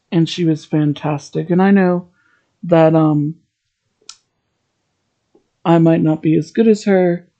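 Slow, mellow-voiced podcast host. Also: mid-range voice, lo-fi sound. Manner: earnest, heartfelt, rambling. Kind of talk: solo podcast monologue.

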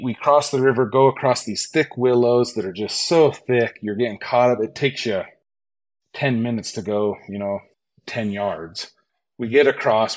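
A man telling a hunting story as a podcast guest, animated and acting out the lines of others. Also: mid-range voice. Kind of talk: storytelling in a casual interview.

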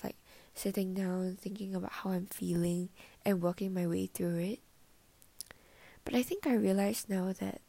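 A young woman's mellow, breathy voice with a gravelly fry at the ends of phrases. She muses softly, slipping into half-whispers and trailing fillers as she shares her reflections in a personal vlog. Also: mid-range voice. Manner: soft, often half-whispered, filler-heavy musing. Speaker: vlogger.

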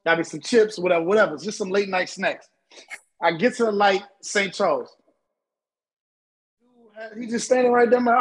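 A man telling expressive, laughing stories in a casual podcast chat. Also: sits high, normal speed, poor audio.

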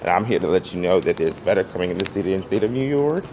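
Man, flamboyant, teasing street banter, swooping animated voice, loud city noise behind. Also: deep voice, fast. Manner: playful, flamboyant, joking with strangers. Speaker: podcast host. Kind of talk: casual street monologue. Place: outdoors on a city street and in a restaurant. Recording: noisy outdoor city ambience.

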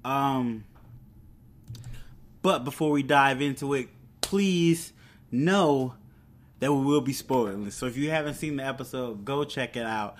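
A man hosting a podcast, casually recapping a TV episode with excitement and quoting the characters' lines as he goes. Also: mid-range voice, a little slow, long pauses, a little hiss or hum. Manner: excited, animated retelling with quoted lines. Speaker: podcast host.

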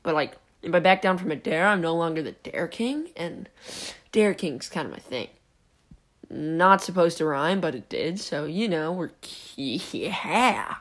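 A young man hosts a podcast in a slightly high, animated, somewhat bright voice, speaking a little slowly. He rambles through a story, giggling often, following tangents, and interrupting himself.

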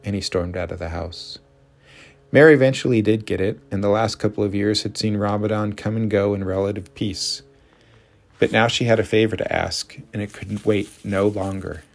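A man reads a story aloud in a steady, measured way. His voice sits low and carries a gravelly texture. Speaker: narrator. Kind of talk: story reading.

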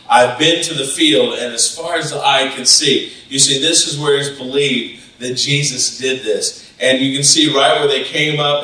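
A male pastor preaching a lively sermon and acting out the voices of the disciples, recorded in a church sanctuary. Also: a little high, far from the mic. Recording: echoey church hall, off-mic.

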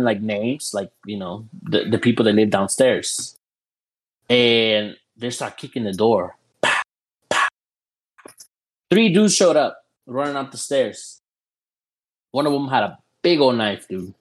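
A man's voice: mid-range voice, measured pace, husky, low-quality recording. Slangy man telling a story. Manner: animated, slangy, many fillers like "you know" and "dude". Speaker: podcast guest. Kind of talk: casual storytelling chat.

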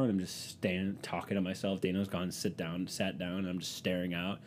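A man's voice: sits low, little pitch movement, fast talker, a little hiss or hum. A man hosting a podcast, telling rambling, self-mocking stories in a casual, profane monologue into a microphone. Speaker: podcast host.

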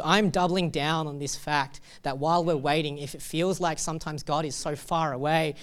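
A man's voice: a little high, steady tone, normal speed, few pauses, a bit bright, clean tone. A young adult man, a pastor giving a sermon in a casual, joking way and reading scripture with feeling.

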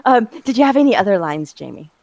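Female co-host: relaxed, chatty, mid pitch, dry. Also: quick pace, vocal fry, dry recording. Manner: easygoing, trivia-sharing. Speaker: podcast co-host. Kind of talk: casual chat about a horror film.

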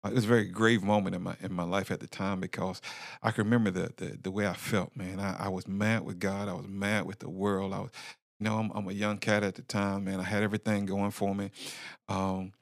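A man's voice: deep voice, level tone, fairly quick, vocal fry, no room sound, studio quality. A middle-aged man hosting a podcast, telling his personal testimony in a candid, preacher-like way with fillers and repeats. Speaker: podcast host. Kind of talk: personal testimony, motivational talk.

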